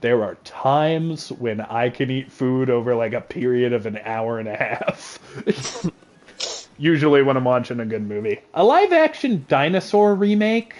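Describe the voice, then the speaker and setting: A man hosts a casual livestream chat from a home setup, his voice sitting at an ordinary middle pitch. He jokes, rambles and gets excited as he talks into a desk mic. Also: measured pace. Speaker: streamer.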